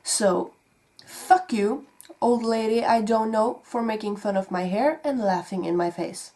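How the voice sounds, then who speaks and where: Slow-talking defiant woman vlogger. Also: fairly high pitch, mellow. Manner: defiant, slow, with sighs and swearing. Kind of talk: played vlog clip.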